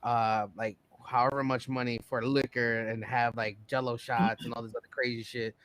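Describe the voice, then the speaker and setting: A man's voice: mid-range voice, level tone, moderate pace, a bit bright, no echo. A man on a podcast, jumping into the casual chat to share his own experience as a DJ. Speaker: podcast co-host, DJ.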